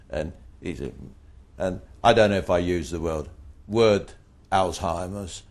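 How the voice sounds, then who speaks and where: Very low-voiced older man telling anecdotes. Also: unhurried. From Britain. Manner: blunt, animated anecdotes, voices rising in quoted retorts. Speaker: interviewee. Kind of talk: anecdotal storytelling.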